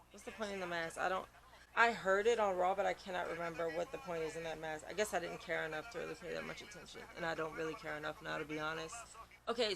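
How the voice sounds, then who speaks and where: A man with a high voice speaks in loose, exclaiming reaction commentary and swears freely. He sounds sleepy and worn out from the late hour. A steady hiss of background noise runs under the recording. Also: vocal fry. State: sleepy, yawning late at night. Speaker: wrestling reaction channel host.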